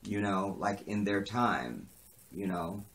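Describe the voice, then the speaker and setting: A man's voice: on the low side, expressive, takes it slowly, a bit bright. A man giving a chatty, opinionated recap of a TV drama episode, acting out bits of the dialogue. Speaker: TV episode reviewer.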